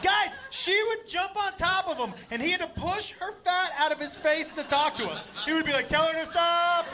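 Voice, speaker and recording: A man performing stand-up storytelling, animated and profane, acting out the voices of the people in his tale. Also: very high voice, fairly quick, crowd noise. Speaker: stand-up comedian. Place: comedy stage before a live audience. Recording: live stand-up with loud audience laughter and noise.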